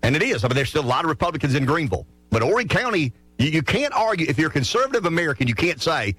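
A man's voice: a little high, very animated, very fast, few pauses, a bit bright, no echo, faint music behind. A man from South Carolina hosting a call-in radio talk show, talking earnestly and often restarting his sentences. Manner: earnest, stammering restarts when making a point. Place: radio studio.

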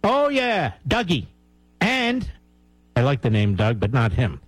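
A man's voice: medium pitch, wildly swooping pitch, unhurried, no echo, low-quality recording. A man hosting a talk radio show, giving heated, sarcastic and mocking commentary.

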